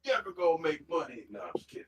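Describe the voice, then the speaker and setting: A man's voice: a little high, big pitch swings, racing, a bit bright. Profane, teasing gamer man. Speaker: streamer. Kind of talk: casual gaming chat with friends.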